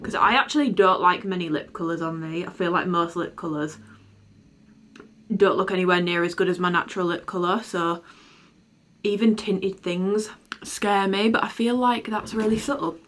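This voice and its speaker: A woman's voice: fairly low pitch, steady tone, normal speed, fairly bright tone. Candid young woman vlogging. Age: young adult. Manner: frank, rambling, sweary. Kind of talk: candid vlog chat.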